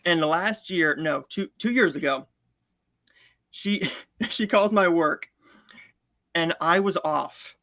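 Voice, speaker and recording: A man's voice: a little high, slow, pauses often, bright, forceful tone, no room sound. A man in his twenties hosting a podcast interview, telling stories eagerly and often stammering and repeating words. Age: 20s. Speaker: podcast host. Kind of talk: casual interview chat.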